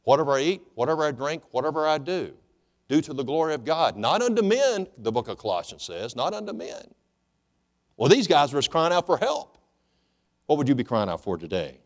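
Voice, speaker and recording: A man's voice: mid-range voice, brisk. Preaching man in a reverberant church. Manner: animated preaching, swinging between loud and hushed. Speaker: pastor. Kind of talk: sermon. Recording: long hall reverb.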